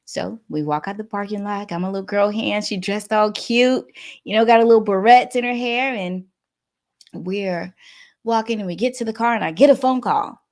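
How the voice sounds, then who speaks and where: A woman guest telling a personal story in a lively way, acting out the dialogue. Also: mid-range voice, moderate pace. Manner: animated, acts out dialogue.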